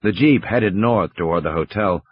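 A man narrating an audiobook thriller with expressive, dramatic storytelling. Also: low voice, moderate pace, slightly rough, dry recording. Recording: dry, slightly dull audiobook recording.

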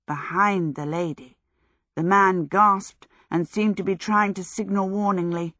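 A woman with a lowish voice narrates an audiobook in a measured, even storytelling style. The scripted narration is recorded with clean studio sound and no echo.

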